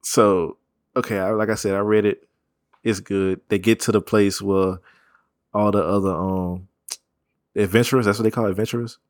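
A man talking casually about comics, rambling with slang, profanity and quick laughs. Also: on the low side, steady tone, dry recording, studio quality. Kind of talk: casual chat.

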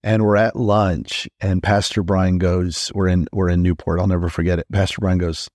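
Low-voiced pastor, dry close mic. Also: male voice, level tone, a little mellow, no echo. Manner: emphatic, repeats phrases for effect; frequent quick restarts and stammers. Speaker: pastor and podcast host. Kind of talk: conversational teaching podcast.

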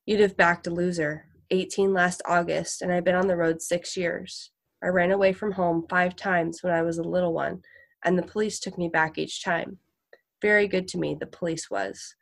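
Woman putting on a husky, tough road boy. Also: on the low side, steady tone, normal speed. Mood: streetwise. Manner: blunt, fierce, streetwise. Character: frail, husky eighteen-year-old road boy, tough and fatalistic.

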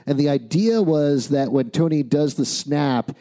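Mellow, measured man. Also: a little high. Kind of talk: casual movie chat.

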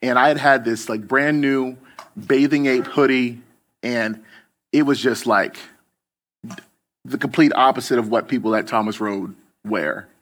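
A man preaching in a relaxed, conversational way, telling a story from the pulpit. He talks loosely, full of fillers and restarts, at an ordinary pitch. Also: a little slow, long pauses. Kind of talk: casual storytelling sermon.

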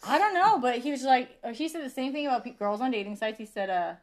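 A woman's voice: sits high, animated, fast talker, a little mellow. A woman hosting a podcast in casual chat, telling stories with lots of swearing and laughter. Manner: profane, laughing storyteller. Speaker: podcast host.

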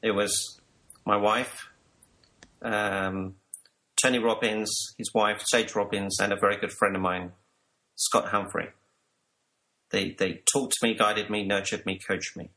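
A man's voice: fairly low pitch, level tone, measured pace, long pauses, sharp tone, poor audio. A man working as a life coach, telling his personal story earnestly to an interviewer and sometimes repeating words.

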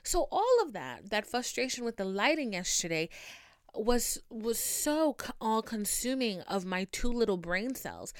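A woman's voice: on the high side, a little slow, clear, resonant tone, no room sound, studio quality. Profane young woman venting on her podcast. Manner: profane, dramatic, animated storytelling. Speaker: podcast host. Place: home recording setup. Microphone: podcast microphone.

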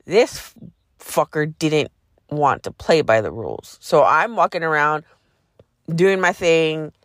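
A woman's voice: low voice, unhurried, no room sound, clean studio sound. A woman hosting a podcast, casually telling a personal story in a profane, sarcastic way. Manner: profane, sarcastic, animated retelling. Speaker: podcast host.

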